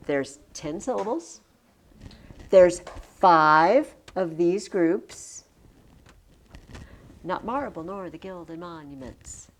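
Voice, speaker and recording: Slow-paced woman teaching poetry. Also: fairly low pitch. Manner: animated, reads verse aloud, chants rhythm syllables. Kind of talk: classroom poetry lesson.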